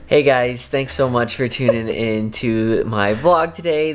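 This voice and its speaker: A man, a husband and father, giving a quiet, halting, sincere sign-off for his wife's vlog. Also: medium pitch, gravelly.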